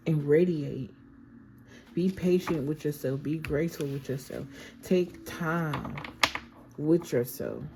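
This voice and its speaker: A woman's voice: sits low, dark tone, a little hiss or hum, rough recording. A woman giving a casual, affirming tarot reading and often checking in with "okay?". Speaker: tarot reader.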